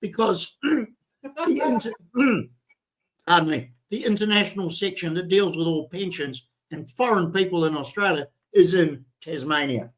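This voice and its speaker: A man's voice: sits high, expressive, moderate pace, poor audio. An older man from New Zealand with a New Zealand accent, ranting bluntly and swearing in a casual chat he co-hosts. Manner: blunt, swearing, heated rant. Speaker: show co-host.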